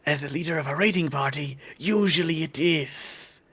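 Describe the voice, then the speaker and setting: A man's voice: on the high side, moderate pace, fairly bright tone, husky. A man voicing a stern, proud male lizardfolk warrior who speaks in a curt, exasperated way during live tabletop role-play.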